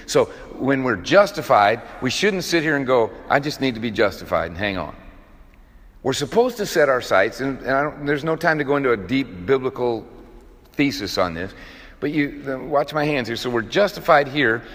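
A man's voice: mid-range voice, expressive, moderate pace, fairly bright tone. Folksy male preacher in a big echoing hall. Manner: folksy, conversational storytelling with many fillers. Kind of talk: casual sermon. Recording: echoey hall with long reverb.

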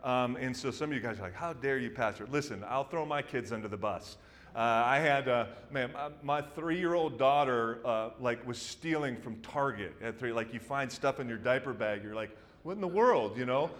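A male pastor in his thirties preaching a sermon, telling the story in an animated way, rising to loud excitement and dropping to hushed intensity. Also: medium pitch, moderate pace, big-room sound.

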